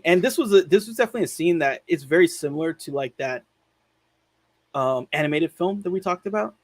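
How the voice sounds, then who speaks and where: A man's voice: a little high, animated, brisk, no echo. A man hosting a film podcast, retelling scenes in a loose, rambling way full of "like" and casual swearing. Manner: laid-back, swears casually. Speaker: podcast host reviewing films. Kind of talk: casual chat.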